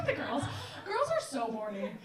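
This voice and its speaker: A young woman doing stand-up crowd work, brash and quick, laughing between jokes. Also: high-pitched, wildly swooping pitch. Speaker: stand-up comedian. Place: comedy club stage before a live audience. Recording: roomy live mic from a distance, loud crowd.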